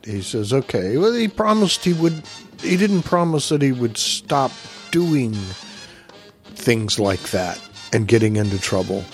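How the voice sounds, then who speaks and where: A man casually recapping a comic book story in a rambling way, with frequent uhs. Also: medium pitch.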